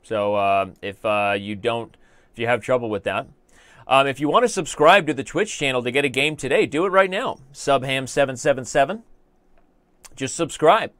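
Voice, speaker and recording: An American man commentates his live chess games, joking and rambling as he talks to the viewers in the chat. His voice sits at an ordinary male pitch. The recording is dry and close, with no room echo. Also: normal speed, a bit bright. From United States.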